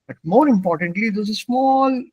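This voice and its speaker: A man's voice: high-pitched, animated, normal speed, slightly rough, no echo. A man teaching a language class, explaining pronunciation patiently and switching between German and English. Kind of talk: classroom instruction.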